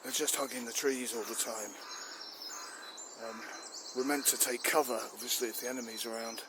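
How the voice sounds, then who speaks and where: A man's voice: mid-range voice, steady tone, normal speed, very noisy, natural voice. A man playing an indignant, complaining army chief. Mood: exasperated. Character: exasperated male army chief. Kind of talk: improvised comedy.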